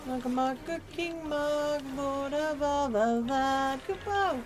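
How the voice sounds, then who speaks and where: A woman's voice: high-pitched, slow, voice pushed up. A woman voicing a pompous, bossy little male moogle king who proclaims grandly. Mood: grandiose. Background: faint chill background music.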